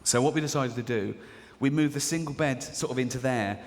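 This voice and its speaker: A man's voice: mid-range voice, fairly quick. A man doing live stand-up, chatty and storytelling, slipping into the voices of people in his anecdotes. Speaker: stand-up comedian. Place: large theatre stage. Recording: live hall reverb with faint audience ambience.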